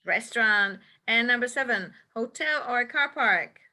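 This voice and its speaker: A woman's voice: fairly high pitch, lively intonation, normal speed, bright, forceful tone. A woman teaching a classroom English lesson, patiently checking answers one by one and repeating them. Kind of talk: classroom instruction.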